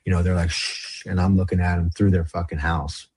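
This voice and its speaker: A man's voice: sits low, little pitch movement, quick pace, darkish tone, husky, no room sound. A man from the Los Angeles area, a podcast guest telling his story in casual, slang-heavy, profane talk. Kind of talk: storytelling interview.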